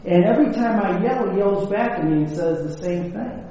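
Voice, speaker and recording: Guy putting on a puzzled little boy yelling in a story, higher voice, big echoey hall. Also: lively intonation, moderate pace, far from the mic, slight background noise. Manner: shouting, bewildered. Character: young boy, startled and puzzled. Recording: echoey hall, dull lo-fi sound.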